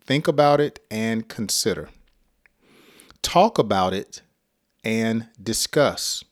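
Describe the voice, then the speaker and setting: An American man teaching an English lesson, speaking slowly and deliberately with light chuckles. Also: fairly low pitch, expressive. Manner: slow, deliberate and clearly spoken, with light chuckles.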